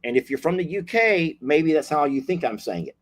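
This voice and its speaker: A man's voice: fairly high pitch, very animated, brisk. A man hosting a casual video, chatting playfully and repeating himself as he signs off. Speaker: host.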